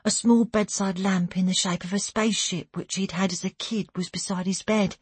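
Woman, first-person audiobook narrator, steady and breathy, dry close recording. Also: mid-range voice, moderate pace, few pauses, dry recording. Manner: even, steady storytelling with hushed asides.

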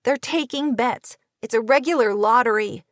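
A woman's voice: medium pitch, moderate pace, no room sound, lightly acted. A woman voicing a young schoolteacher near tears, sobbing and raising her voice, in an audiobook reading. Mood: upset, tearful. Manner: tearful, sobbing, raised voice.

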